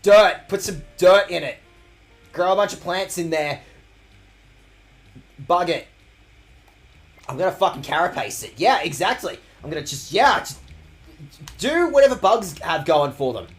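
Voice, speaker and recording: A man's voice: high voice, lively intonation, unhurried, pauses often, soft background music. A man streaming a game with sweary, jokey commentary. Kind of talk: casual gaming commentary.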